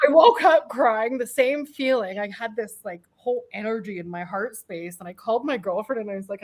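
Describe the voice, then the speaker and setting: A woman's voice: on the high side, fairly quick, few pauses, a little mellow. A middle-aged woman, a medium and guest, telling a personal story in a casual interview. She laughs often, swears offhandedly and acts out quotes.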